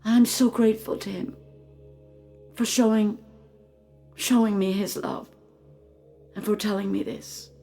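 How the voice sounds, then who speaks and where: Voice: medium pitch, steady tone, unhurried, gravelly, pauses often, mellow, soft background music, pitched above the performer's own voice. A channeler voicing a tearful grieving mother. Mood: tearful gratitude. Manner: tearful, breathless rush of feeling. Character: grieving widowed mother, overwhelmed with gratitude.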